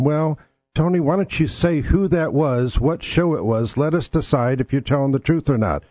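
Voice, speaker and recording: He's a podcast host on his own talk show, swearing plenty as he talks casual politics bluntly and combatively. The voice is a little high and mellow at a normal speed, with no room sound.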